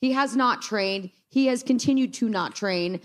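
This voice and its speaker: A woman's voice: a little high, normal speed. A woman moderating a press conference, upbeat and lightly joking as she introduces fighters and asks them questions.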